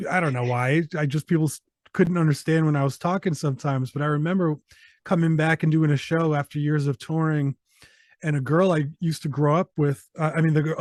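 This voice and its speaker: A man's voice: fairly high pitch, darkish tone, dry recording, clean studio sound. A man from Rhode Island telling stories in a casual chat, rambling and restarting as he goes. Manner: rambling storyteller with frequent restarts.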